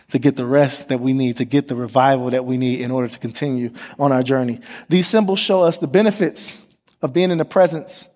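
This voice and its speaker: A man's voice: medium pitch, darkish tone. A male pastor preaching a sermon in a church, calling on the congregation to repeat after him and joking with them between points. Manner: call-and-response preaching, asks the congregation questions. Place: church sanctuary. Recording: long hall reverb from the sanctuary.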